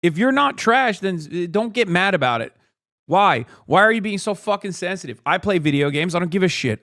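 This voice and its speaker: A man's voice: fairly high pitch, fairly bright tone, dry recording, studio quality. A man ranting on a livestream, profane, exasperated and mocking as he fires off commentary. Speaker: streamer. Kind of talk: heated livestream commentary rant.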